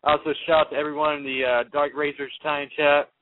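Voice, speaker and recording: A man's voice: fairly high pitch, flat delivery, fast talker. A man calling into a radio show, hesitant and rambling, filling his talk with "like". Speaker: caller. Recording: tinny phone line.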